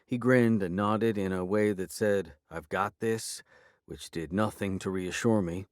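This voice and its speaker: A male narrator with a fairly low voice reads a first-person fantasy story. His delivery is even and dry, recorded close with no room sound. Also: moderate pace, no echo. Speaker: audiobook narrator.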